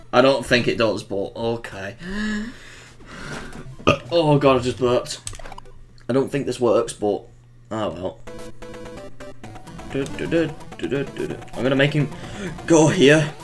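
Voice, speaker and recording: A man giving excitable let's play commentary, exclaiming and scolding the game as he plays. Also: mid-range voice. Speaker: gameplay video host.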